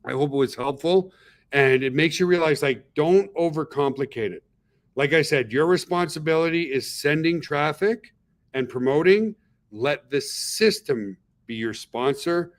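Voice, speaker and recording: A man's voice: a little high, a bit bright. Middle-aged male webinar host; casual, chatty founder type who checks in with his audience a lot. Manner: chatty, peppers talk with "okay?" and "guys".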